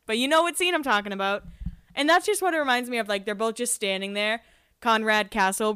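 A woman's voice: medium pitch, fairly bright tone, smooth, no room sound, clean studio sound. A young woman hosting a podcast, chatting casually and gossiping about a reality show with frequent laughs. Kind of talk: casual chat.

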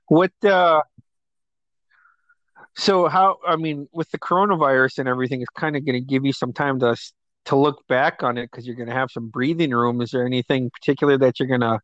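A man's voice: mid-range voice, fairly even intonation, normal speed, pauses often, fairly bright tone, dry recording, muffled recording. A man in his thirties hosting a casual chat, who laughs often, swears freely and rambles. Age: 30s. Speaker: host.

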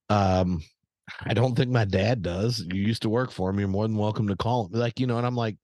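A man telling a long story in casual chat, animated and rambling with many fillers and restarts. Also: on the low side, moderate pace, no room sound. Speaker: podcast guest.

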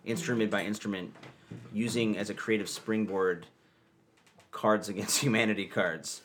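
A man's voice: on the low side, fairly even intonation, normal speed, a bit bright, a little hiss or hum. A man hosting a casual interview, playful and goading, laughing often as he runs a card game with his guests. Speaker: podcast host.

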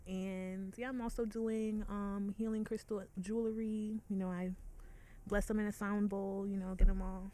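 Relaxed, slangy woman podcast guest. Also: medium pitch, moderate pace. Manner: relaxed, slangy, laughing often. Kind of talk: casual podcast chat.

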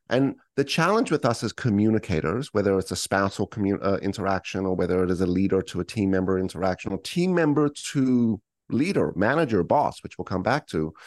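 A man's voice: lowish voice, darkish tone, dry recording, studio quality. A middle-aged man coaching in a podcast interview, explaining with acted-out examples and frequent "right?" tags. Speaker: podcast guest, leadership coach. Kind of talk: conversational interview.

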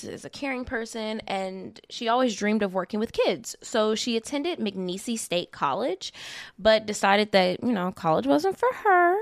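A woman's voice: mid-range voice, dry recording, clean studio sound. A woman co-hosting a casual true-crime podcast, chatty and self-deprecating. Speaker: podcast co-host.

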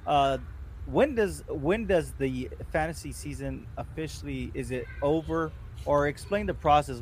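Halting male interviewer, faint noise behind. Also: on the high side. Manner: halting, restarts questions. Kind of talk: casual interview.

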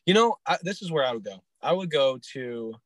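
A man's voice: mid-range voice, lively intonation, brisk, no echo. A young man from northern Michigan with a local accent, hosting a casual podcast chat, rambling with lots of fillers and easy laughs. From Michigan, USA. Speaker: podcast host.

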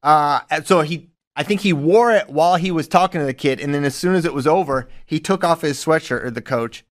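A man's voice: a little high, brisk. A man co-hosting a podcast, a wrestling coach, chatting casually and acting out quotes while he tells stories. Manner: animated storytelling, acts out quotes. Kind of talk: casual chat.

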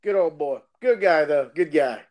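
A man's voice: a little high, normal speed. A man telling stories in a casual podcast chat, laughing often. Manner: animated storyteller, laughs a lot. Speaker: podcast guest.

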